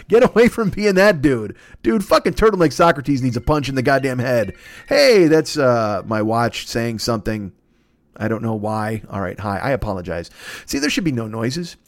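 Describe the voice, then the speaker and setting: A man's voice: a little high, no echo. A man hosting a solo podcast, ranting in a rambling, profane, comedic monologue. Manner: profane, rambling, excitable rant. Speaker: podcast host.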